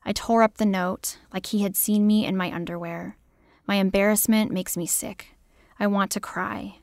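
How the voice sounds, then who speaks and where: A woman poet reading her own poems aloud in a measured, deliberate way. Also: medium pitch, steady tone, darkish tone, dry recording, clean studio sound. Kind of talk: poetry reading.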